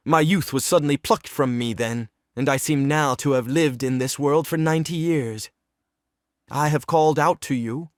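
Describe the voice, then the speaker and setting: A man's voice: mid-range voice, moderate pace, hardly any pauses, no room sound, clean studio sound, lightly acted. A man reading the role of a despairing, lovesick young writer in a play reading, earnest and pleading.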